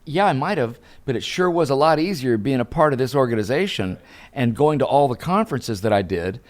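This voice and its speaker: Animated older man telling stories. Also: medium pitch, a little fast. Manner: animated storyteller, acts out dialogue. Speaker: guest, professional speaker. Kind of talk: storytelling interview.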